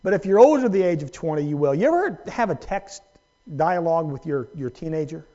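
A man preaching a sermon as pastor, dramatic, moving from hushed, low-volume lines to loud, raised emphasis. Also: expressive, a little fast, highs cut off. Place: church sanctuary.

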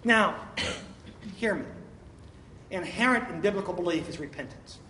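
Speaking at a measured pace with a sharp tone, this high-voiced man delivers an emphatic sermon as pastor, posing one rhetorical question after another. Slight background noise mixes with the echo and faint ambience of the church sanctuary.

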